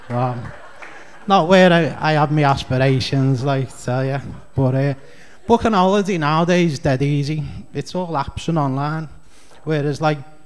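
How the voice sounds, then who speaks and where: A man with a Scouse accent doing a rambling, chatty stand-up comedy set on a club stage. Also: a little high. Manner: rambling, chatty, heavy on fillers.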